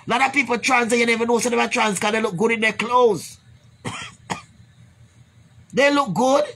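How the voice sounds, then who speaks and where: A woman's voice: a little high, a bit bright, breathy edge. A Jamaican woman ranting bluntly to her viewers, swearing and repeating herself, then closing with blessings. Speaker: vlogger. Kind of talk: profane rambling rant to camera.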